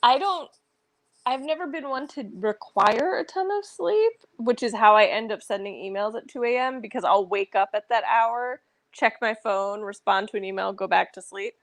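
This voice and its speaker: A woman's voice: fairly high pitch, normal speed, no room sound. A woman in casual chat on a video call, telling stories with lots of "like" fillers. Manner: chatty storyteller, frequent "like" fillers. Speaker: co-host.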